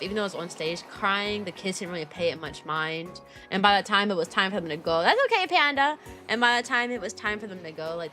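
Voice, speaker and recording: A young woman chatting on a casual stream, telling rambling stories full of fillers and sudden high-pitched jumps. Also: bright, forceful tone. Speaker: VTuber streamer and kindergarten teacher.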